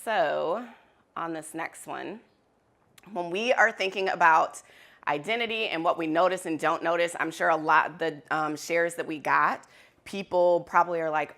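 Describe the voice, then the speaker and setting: A woman facilitating a workshop in a conference room, talking to the audience in a candid, animated way and laughing easily. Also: low voice, normal speed, vocal fry. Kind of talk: interactive workshop talk.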